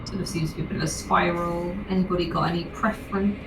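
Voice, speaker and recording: A woman, playing a tabletop game, chatty and talking in fast bursts with ums. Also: fairly low pitch, steady tone. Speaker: player. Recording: roomy echo, far from mic, noisy.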